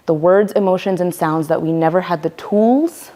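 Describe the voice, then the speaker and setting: A woman with a slightly low voice leads a voice workshop. She speaks with emphasis, acting out the voices she talks about to make her points. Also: moderate pace, dark tone. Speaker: workshop leader. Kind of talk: teaching a voice workshop.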